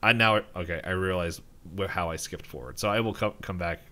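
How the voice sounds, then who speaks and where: Lowish-voiced man rambling through a recap. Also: fairly quick, pushed and bright. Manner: rambling, laughs often, quotes characters in raised voices. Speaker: podcast co-host. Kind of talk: casual chat recapping an episode.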